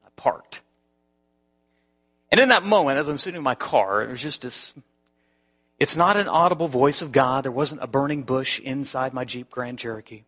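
A male pastor preaching a sermon and telling a personal story in an animated way. His voice is bright and forceful. He often restarts his phrases as he goes. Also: medium pitch, moderate pace, pauses often.

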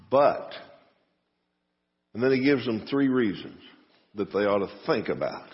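A pastor giving a conversational sermon full of rhetorical questions and a folksy manner. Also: male voice, mid-range voice, expressive, a little slow. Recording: muffled sound with long reverb.

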